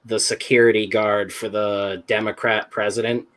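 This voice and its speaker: Low-voiced man riffing in casual chat. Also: level tone, fairly bright tone. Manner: joking, rambling, quick to laugh. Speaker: podcast co-host.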